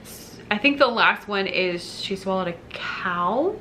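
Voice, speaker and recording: A woman's voice: mid-range voice, lively intonation, normal speed, bright, forceful tone, slight background noise. A woman who teaches elementary music, chatting casually to camera with an upbeat manner and many fillers.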